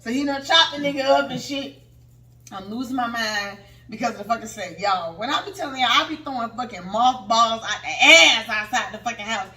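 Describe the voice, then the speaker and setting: A woman in her thirties co-hosting a podcast, telling a story in casual chat, animated and swearing freely. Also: a little high, a little fast. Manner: animated, swearing, acts out quotes. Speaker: podcast co-host. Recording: echoey room, distant mic, faint noise.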